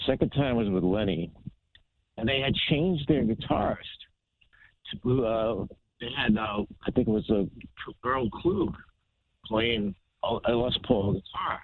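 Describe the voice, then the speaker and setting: Lively storytelling man over a phone line. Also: medium pitch, vocal fry. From New Jersey, United States. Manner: animated anecdote teller, acts out voices of others. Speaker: guest guitarist. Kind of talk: storytelling interview. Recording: tinny phone-line sound.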